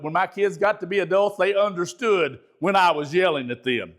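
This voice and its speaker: Middle-aged male bishop leading a class, naturally loud and emphatic, pitched high for a man. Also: normal speed, hardly any pauses. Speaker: bishop teaching a ministry training session. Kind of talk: spoken teaching lecture.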